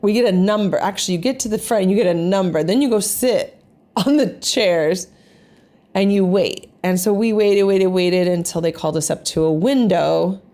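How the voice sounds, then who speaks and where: A woman vlogger telling a family travel story in an animated, rambling way, full of fillers. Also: medium pitch, normal speed. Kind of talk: casual storytelling to camera.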